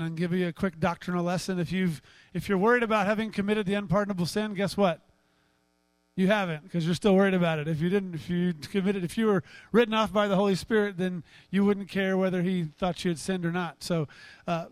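A man's voice: high-pitched, smooth, dry recording. A man preaching a sermon as pastor, chatting and joking with the congregation and acting out Bible scenes. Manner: acts out Bible dialogue in a raised, animated voice.

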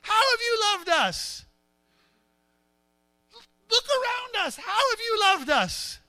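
A preacher putting on a sneering, jaded rebel. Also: male voice, extremely high pitch, very animated, pushed and bright, voice pushed up, full character voice. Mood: exasperated. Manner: sneering, exasperated, drawn-out words. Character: cynical, jaded, rebellious worshipper talking back.

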